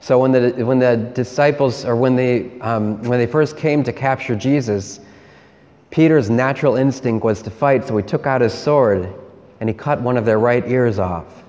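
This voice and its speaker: A man, a priest, giving a sermon in a slow, measured way with repeated refrains. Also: mid-range voice, darkish tone, big-room sound.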